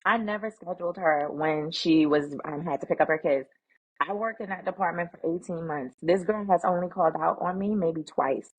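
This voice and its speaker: A middle-aged woman, a guest speaker, telling workplace stories in an animated, emphatic way and acting out the quoted talk. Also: lowish voice, normal speed, husky, low-quality recording. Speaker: guest, emotional intelligence speaker. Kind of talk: conversational storytelling.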